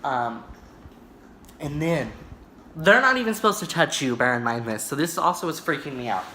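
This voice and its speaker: This storytime vlog features a man speaking in a slightly high, bright, forceful voice with lively intonation at a moderate pace. Filmed indoors in an echoey room with a little hiss or hum, he rambles dramatically and keeps asking "right?".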